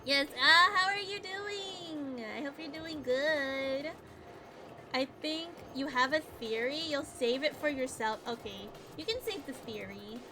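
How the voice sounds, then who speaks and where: A woman's voice: high voice, a little slow, noisy background. A woman streamer giving casual, gushing, giggly gameplay commentary and chatting with her viewers.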